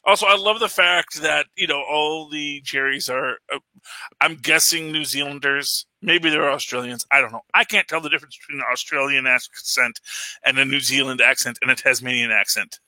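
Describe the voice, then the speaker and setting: A man's voice: mid-range voice, moderate pace, sharp tone, dry recording. A man hosting a casual podcast chat, rambling enthusiastically with frequent fillers and laughs. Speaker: podcast host reviewing a film.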